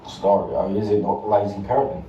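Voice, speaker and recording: A man's voice: on the low side, steady tone, a little fast, mellow, a little hiss or hum. A British man co-hosting a casual podcast chat, swearing freely and acting out quoted voices as he tells stories. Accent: British English. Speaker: podcast co-host. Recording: roomy, distant, dull and lo-fi.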